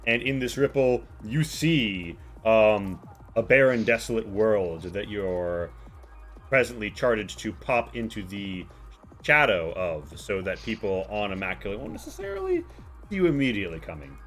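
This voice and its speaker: A man's voice: lowish voice, sing-song, moderate pace, fairly bright tone, faint music behind. A man narrating as game master of a tabletop game, rambling with many fillers.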